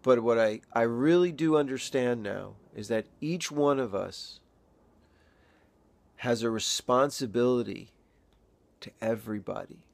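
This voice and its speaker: Older man, grieving father, gravelly voice, halting and emotional video-diary delivery. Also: mid-range voice, dry recording. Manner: halting, reflective, pausing often. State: emotional, near tears.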